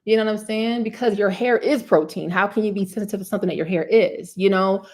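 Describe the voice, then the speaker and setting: A woman's voice: mid-range voice, quick pace. A woman from New Jersey with a New Jersey accent, hosting a live hair care Q&A in a chatty style full of "you know what I'm saying". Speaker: curly hair care host answering live questions. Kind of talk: live Q&A chat. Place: indoors, live stream.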